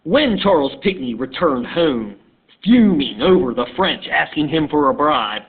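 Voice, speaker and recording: A man teaching history as a casual story, talking in a halting, conversational way, recorded on a tinny phone-like line. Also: fairly high pitch, sing-song, husky.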